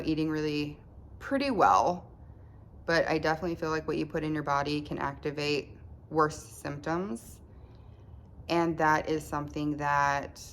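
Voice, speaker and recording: Faint noise hums beneath this home vlog, where a deep-voiced woman talks through her recovery diary in a relaxed way. She falters as she speaks, starting phrases over and letting thoughts fade out.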